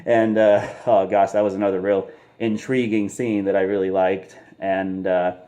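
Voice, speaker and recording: Rambling man with a lowish voice. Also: flat delivery, moderate pace, mellow, dull audio. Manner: rambling, lots of fillers, laughs often. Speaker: movie reviewer. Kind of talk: casual movie review vlog.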